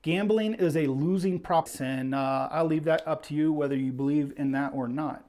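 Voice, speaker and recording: On the high side with a darkish tone, the host speaks at a moderate pace during his casual stream. He's chatty, a bit winded, narrates what's happening in the game, and reads viewers' names out loud.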